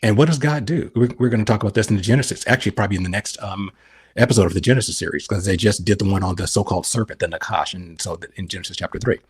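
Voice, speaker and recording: A man's voice: fairly low pitch, racing, breathy edge. A middle-aged man on a podcast explaining scripture, asking and answering his own questions. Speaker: podcast guest.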